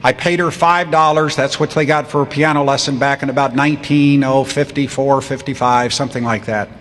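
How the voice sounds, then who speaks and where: A man's voice: mid-range voice, fairly quick, a little hiss or hum. Wry older man speaking in a hall. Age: 60s. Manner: wry, deadpan storytelling. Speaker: commencement speaker. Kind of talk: humorous commencement speech. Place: large ceremony hall. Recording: long hall reverb, faint crowd ambience.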